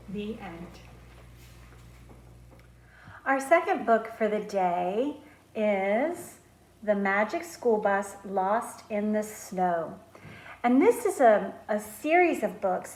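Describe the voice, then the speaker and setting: A woman speech therapist reading picture books aloud to children, slow, clear and expressive. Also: medium pitch. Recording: roomy echo.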